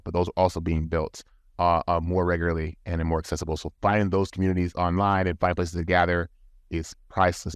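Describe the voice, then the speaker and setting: A man with a low-pitched voice is a guest on a casual podcast, recorded in a studio with no echo. He talks earnestly, offering advice, and frequently restarts his sentences.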